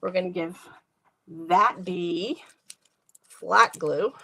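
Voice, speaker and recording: A woman's voice: fairly low pitch, drawn-out words, bright, forceful tone. A woman hosting a live craft stream from her home craft room, chatting to viewers by name while she works. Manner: chatty, laughs often, talks to viewers by name. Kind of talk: casual live craft demo chat.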